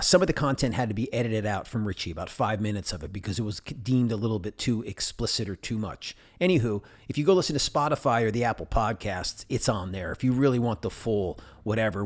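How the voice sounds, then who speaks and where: A middle-aged man from New England hosting a casual solo podcast, rambling and joking as he talks. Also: mid-range voice. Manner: rambling, jokey, talks to his stuffed animals. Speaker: podcast host.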